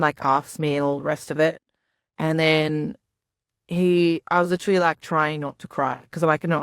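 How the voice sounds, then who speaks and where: Low-voiced woman telling her story. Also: no room sound, clean studio sound. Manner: rambling, lots of "like" and quoted asides. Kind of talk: casual storytelling chat.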